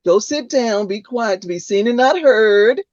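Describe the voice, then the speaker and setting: Woman, 60s, podcast host and educator, expressive storyteller, lo-fi dull audio. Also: on the high side, measured pace, no room sound. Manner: animated storyteller, agreeable back-channel replies. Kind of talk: casual interview chat. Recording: dull lo-fi dry sound.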